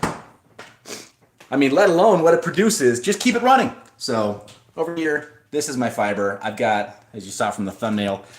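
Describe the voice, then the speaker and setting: Rambling man chatting on a livestream. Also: on the low side. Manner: rambling, with frequent restarts and asides. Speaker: livestream host. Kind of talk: casual livestream chat, reading viewer comments.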